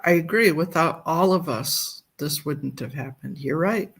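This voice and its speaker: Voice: mid-range voice, a little slow, vocal fry, a bit bright, slightly rough. A livestream host in casual chat, thinking aloud while fumbling with files on a computer.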